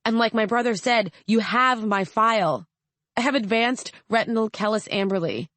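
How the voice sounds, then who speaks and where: A woman's voice: a little high, moderate pace, a bit bright, no echo, pitched above the performer's own voice, close to an everyday voice. A woman voicing a defiant young female journalist in an audiobook, clipped and angry.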